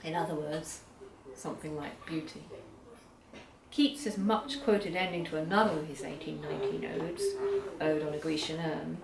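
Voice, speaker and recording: Lower-voiced woman lecturing in an echoey hall. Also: vocal fry, crowd noise. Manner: measured, reads poems aloud slowly. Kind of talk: academic lecture on poetry. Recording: echoey hall, far from the mic, audience.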